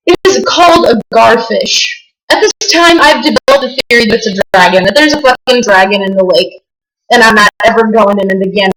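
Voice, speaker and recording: A woman's voice: a little high, a bit bright, rough recording. A woman from Las Vegas with a sick, stuffed-up nose talks to her camera in a casual vlog. She swears freely and wanders through her story with plenty of fillers and restarts. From Las Vegas, USA. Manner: profane, rambling, full of fillers. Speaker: vlogger.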